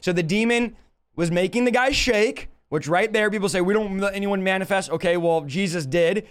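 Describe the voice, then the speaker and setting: A man's voice: high voice, moderate pace, clear, resonant tone. A man preaching a live-stream Bible teaching, emphatic and full of rhetorical questions to his audience.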